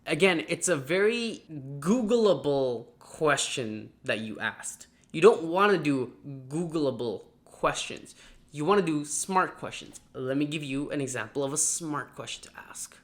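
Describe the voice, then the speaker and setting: A man coaching viewers on job interviews in a direct-to-camera vlog, energetic and animated, now and then acting out quick mock dialogues. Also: fairly high pitch. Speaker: marketing coach.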